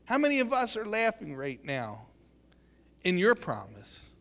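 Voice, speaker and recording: A man preaches in an earnest, halting way, repeating words and acting out the quotes. His voice sits high and bright. A long hall echo trails behind every phrase. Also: wildly swooping pitch, gravelly. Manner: earnest, acts out quotes, many restarts. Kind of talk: sermon.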